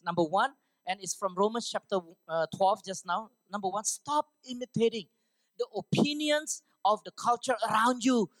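A woman preaching a sermon to students, emphatic and often checking for the audience's agreement, with bursts of loud, high exhortation. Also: moderate pace, no room sound.

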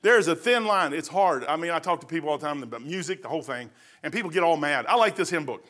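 A man's voice: a little high, expressive, fast talker, a bit bright. A man preaching a folksy sermon, rambling through stories and laughing at his own jokes.

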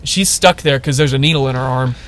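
A man's voice: mid-range voice, brisk, a little hiss or hum. A young man co-hosting a casual podcast, telling a funny story and acting out the quotes in it. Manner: animated storyteller, acts out quotes. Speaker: podcast co-host.

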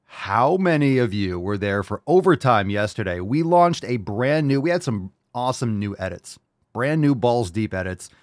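A man hosting his own livestream podcast, delivering a loud, profane, jokey and hyped-up monologue. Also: mid-range voice, animated, normal speed, no room sound, clean studio sound. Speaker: podcast host. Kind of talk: brash comedic livestream monologue.

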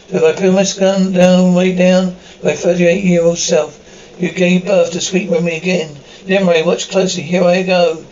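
A man's voice: high-pitched, darkish tone, roomy sound, lo-fi sound, slight background noise. A man performing a horror audio drama, dramatically switching between the characters' voices.

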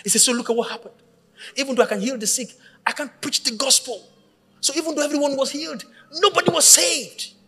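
A man preaching a sermon, telling a story with lively acted-out voices and shouting at the peaks. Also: very high-pitched, fairly quick, long reverb tail, a little hiss or hum. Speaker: pastor.

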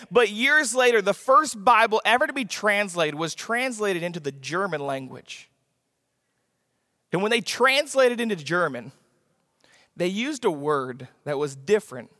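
High, bright-voiced male preacher. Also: clean studio sound. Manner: emphatic, repeats key lines for emphasis. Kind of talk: sermon. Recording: long reverb of a large hall.

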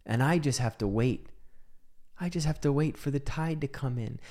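A man telling a personal story into a microphone, shifting between hushed whispers and emphatic outbursts. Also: a little high. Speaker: speaker on mental health.

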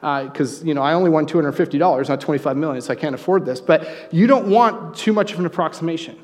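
A man preaching a sermon, conversational and joking, with animated asides. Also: fairly high pitch, fast, big-room sound. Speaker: pastor. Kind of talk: sermon with humorous story.

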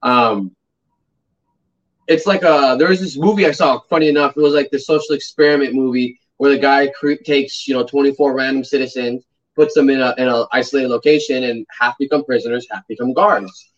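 A man's voice: medium pitch, steady tone, a little fast, far from the mic. A man with a mid-range voice rambles through stories in a casual chat, full of fillers. He sits well back from the mic, and the sound is muffled and dull. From United States. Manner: rambling, storytelling, filler-heavy. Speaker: podcast co-host.

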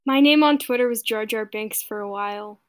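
A woman's voice: fairly high pitch, fairly quick, a crowd in the background. A woman guest on a podcast chatting playfully, a bit hesitant. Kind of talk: casual chat.

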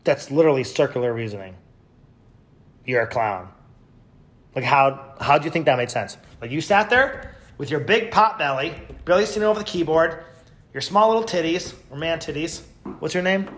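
A man hosting a podcast, reading out tweets with sarcastic, mocking commentary and sudden loud yells. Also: on the high side, expressive, normal speed. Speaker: podcast host.

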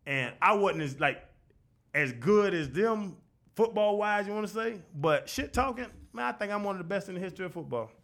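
A man guest telling stories in a casual podcast chat, profane and animated, quick to laugh and acting out what others said. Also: high-pitched. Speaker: guest, former football linebacker.

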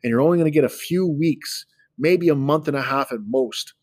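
Stern male trickster spirit, scolding and indignant, as a storytelling man puts him on; the voice is pitched a touch up, dry and close. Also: fairly quick, no echo, lightly acted. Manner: lecturing, indignant.

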